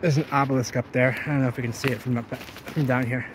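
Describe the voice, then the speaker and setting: Rambling excitable man filming outdoors. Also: medium pitch, fast talker. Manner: excitable, rambling, thinks aloud. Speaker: vlogger exploring ruins. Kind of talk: casual exploring vlog. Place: outdoors by ruins and a river. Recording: noisy outdoor camera audio.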